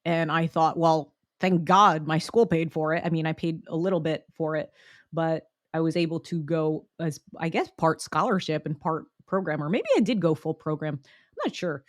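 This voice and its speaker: Host: young American woman, low-ish voice, upbeat and encouraging, close dry recording. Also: fairly even intonation, normal speed, dry recording. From United States. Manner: upbeat, chatty, encouraging, breaks into laughs. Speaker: podcast host. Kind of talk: solo motivational podcast talk.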